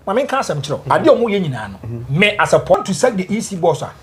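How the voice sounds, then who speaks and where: A Ghanaian man on a political talk show, talking quickly and emphatically and hammering the same points again and again. His voice swings widely in pitch and he rarely slows down. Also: big pitch swings. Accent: Ghanaian English. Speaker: political panelist.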